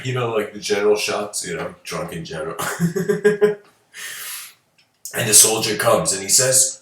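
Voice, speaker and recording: A man's voice: fairly low pitch, expressive, normal speed, a bit bright. Rambling male lecturer in a roomy hall. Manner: loose and rambling, heavy on fillers, chuckles. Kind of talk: casual storytelling lecture. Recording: roomy, from a distant mic.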